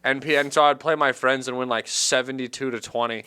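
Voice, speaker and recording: Bright, clear-voiced male podcast host. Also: medium pitch, a little fast. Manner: animated storyteller, acts out shouted quotes. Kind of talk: casual comedy podcast banter.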